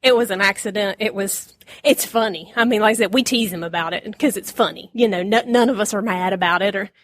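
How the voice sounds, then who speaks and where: A woman giving a casual Bible lesson, chatty and quick to laugh, acting out the lines she quotes. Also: medium pitch, a little hiss or hum. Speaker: Bible teacher.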